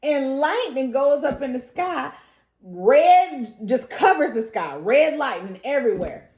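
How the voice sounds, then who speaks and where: A woman recapping a TV episode in a lively, casual, very reactive way. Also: high voice, a little slow. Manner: lively, colloquial, reacts loudly. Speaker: TV recap YouTuber. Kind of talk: animated show recap. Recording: roomy echo.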